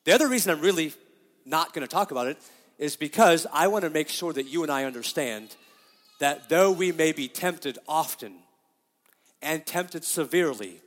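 A man's voice: a little high, expressive, moderate pace, long reverb tail. A middle-aged man preaching a sermon as pastor, emphatic and often asking his congregation questions.

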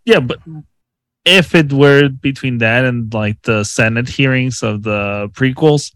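Podcast guy, halting, filler-heavy, dry mic. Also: medium pitch, a bit bright, no echo. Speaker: podcast co-host. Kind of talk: casual chat.

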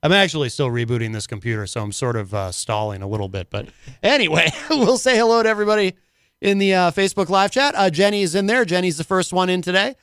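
Chatty New radio host. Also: male voice, high voice, expressive, fast, a bit bright, clear, resonant tone, no echo, studio quality. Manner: rambling, many filler words. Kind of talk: casual talk radio.

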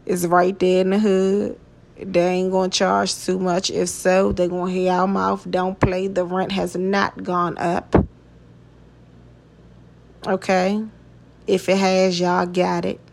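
Blunt, profane woman with a gravelly voice. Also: mid-range voice, darkish tone. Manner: blunt, profane, laughs often. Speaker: podcast host. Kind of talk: casual monologue.

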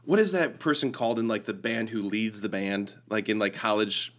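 A man co-hosting a casual faith podcast, chatty and full of "like", acting out quoted lines with a lifted voice. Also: moderate pace. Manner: animated, acts out quoted lines with rising pitch; lots of "like" and restarts. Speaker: podcast co-host.

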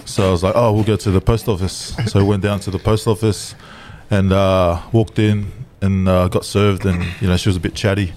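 A man's voice: sits low, little pitch movement, fairly quick, few pauses, darkish tone, slight background noise. A man, co-hosting a podcast and telling a family story in a laid-back way, with lots of fillers. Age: 20s. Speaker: podcast co-host. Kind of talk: casual storytelling chat.

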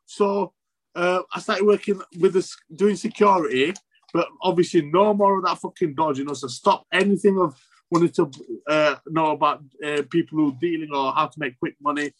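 Young guy, kinda high voice, swearing loads, stumbling through a personal story in an interview. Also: steady tone. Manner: swears often, halting and repetitive. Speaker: interview guest.

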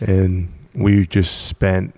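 Gravelly deep-voiced man, blunt and driven. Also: flat delivery, drawn-out words, dark tone, dry recording. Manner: blunt, driven, swears casually, laughs between points. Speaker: podcast guest, apparel company founder. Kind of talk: casual storytelling interview.

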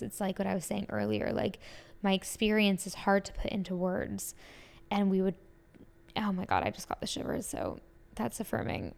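A woman telling a personal story in a casual, rambling way, full of fillers, sometimes dropping to a soft whisper. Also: medium pitch, creaky. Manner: rambling, heavy use of "like" and fillers; drifts into soft whispers at emotional moments.

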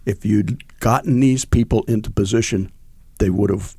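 A man's voice: fairly low pitch, steady tone, moderate pace, mellow, breathy edge, no echo. An older man, a veteran, recounting his war experiences in a rambling, conversational interview with frequent fillers and restarts. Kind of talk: conversational recollection.

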